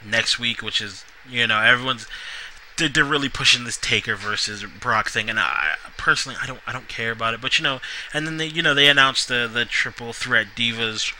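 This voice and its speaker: A man's voice: mid-range voice, fairly quick, sharp tone, a little hiss or hum, rough recording. A man reviewing a wrestling show in a casual, rambling solo vlog, full of asides and restarts. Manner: rambling, lots of fillers and restarts.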